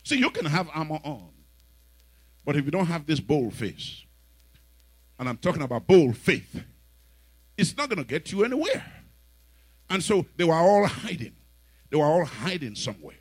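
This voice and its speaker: A man preaching a sermon who retells scenes dramatically and rises to shouts. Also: a little high, breathy edge, no room sound. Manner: dramatic storytelling, acting out characters, shouting peaks.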